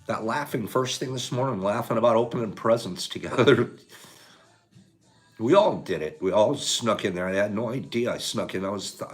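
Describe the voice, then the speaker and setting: An older man hosting a morning livestream, talking softly and tearfully about gratitude, then turning loud and excited as he greets viewers. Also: medium pitch, moderate pace, long pauses, soft background music. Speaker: livestream host. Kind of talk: emotional morning livestream chat.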